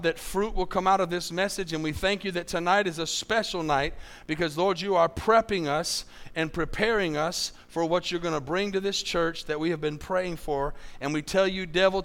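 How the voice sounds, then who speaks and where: A man's voice: high-pitched, moderate pace, few pauses, a bit bright. A man preaching a sermon as pastor, repeating key lines for emphasis and asking his congregation for amens.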